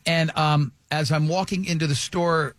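Animated male radio host telling a story. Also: fairly high pitch, moderate pace, faint music behind. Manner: animated, acts out dialogue, many restarts.

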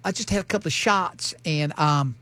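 A woman's voice: sits low, normal speed, fairly bright tone. A man doing a slurring drunk Southern mom.

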